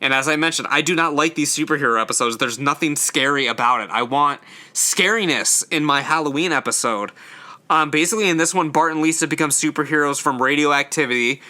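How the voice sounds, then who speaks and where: Bright chatty young man. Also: a little high, a little fast. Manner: chatty, filler-heavy, stumbles over words. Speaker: host ranking episodes. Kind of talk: casual solo commentary.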